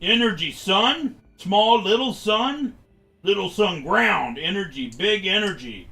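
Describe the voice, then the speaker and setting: A man voicing a confused woman from the future who speaks halting, broken English. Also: high-pitched, lively intonation, creaky, pushed and bright, voice pushed up, full character voice. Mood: halting, puzzled. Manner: halting, fragmented speech.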